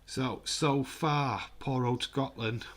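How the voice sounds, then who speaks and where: A man giving casual, excitable live football commentary and reading out viewer comments. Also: mid-range voice, slow pace. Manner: chatty, excitable, reads viewer comments aloud. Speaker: host of a live football watch-along.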